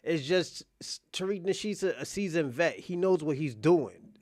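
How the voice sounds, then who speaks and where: A man's voice: a little high, expressive, normal speed, darkish tone, dry recording, clean studio sound. A man hosting a reaction stream, talking bluntly and casually to his viewers and swearing freely as he comments on a debate clip. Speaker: reaction channel host.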